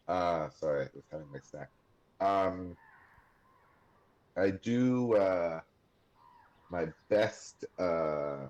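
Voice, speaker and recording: A man's voice: rumbling low, lo-fi sound. A man playing a tabletop game, speaking hesitantly with many fillers. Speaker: player. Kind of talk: casual tabletop role-play.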